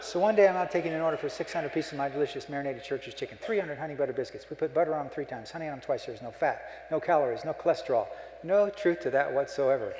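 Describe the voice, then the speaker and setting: A man's voice: a little high, fast, darkish tone. Folksy joking man in an echoey hall. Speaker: keynote speaker. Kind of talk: humorous keynote speech. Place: conference hall.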